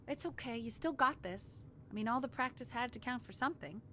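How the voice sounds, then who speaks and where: A woman's voice: fairly high pitch, animated, fairly quick, pushed and bright, a little hiss or hum. A woman playing an anxious, pushy mother who soothes and presses her young son, a musician, in a story game. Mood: soothing.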